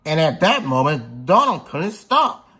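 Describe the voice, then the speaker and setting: A man's voice: on the high side, very animated, unhurried, sharp tone, breathy edge. A man narrating a toy train story in a plain, rambling way with slips.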